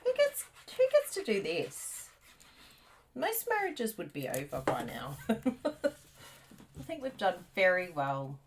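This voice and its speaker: Playful chatty woman, bit of a frog in her throat, swoopy lively voice, slow easy pace, faint hiss. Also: fairly low pitch. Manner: playful, chatty, laughs often. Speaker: craft demonstrator co-host. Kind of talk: casual live craft stream chat.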